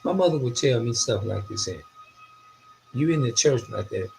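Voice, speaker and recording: A man's voice: mid-range voice, moderate pace, creaky, faint music behind, low-quality recording. A middle-aged man tells a rambling, profane story in a casual monologue. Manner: animated, profane, loosely phrased storytelling.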